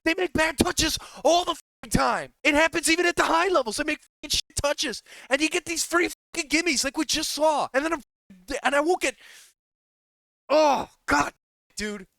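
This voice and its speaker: With no room sound, the coach's very high voice comes across pushed and bright, edged with vocal fry. During the coaching session he swears, vents his exasperation, and rattles off the same complaints over and over.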